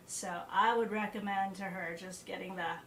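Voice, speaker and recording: A woman's voice: mid-range voice, steady tone, moderate pace, fairly bright tone. A woman, a piano teacher talking casually through a practice session, thinking aloud with fillers and asides. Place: home practice room with piano. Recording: roomy practice room, faint background noise.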